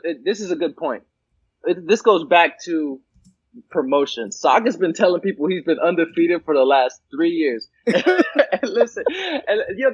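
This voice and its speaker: A man's voice: sits high, slightly rough. A man, a guest in a casual chat, who laughs often and swears freely. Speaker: guest battle rapper. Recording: muffled lo-fi audio.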